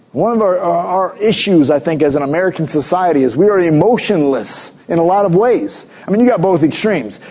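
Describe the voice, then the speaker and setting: A man's voice: high voice, warm tone, husky, dull audio. A middle-aged man preaching a sermon, mixing conversational storytelling with emphatic exhortations. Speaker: pastor.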